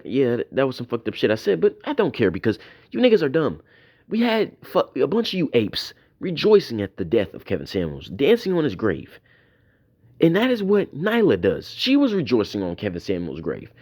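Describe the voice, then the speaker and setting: Profane ranting man, lively pitch swings. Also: a little fast. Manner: profane, repetitive, mocking tirade. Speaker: YouTube commentator. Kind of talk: ranting commentary video.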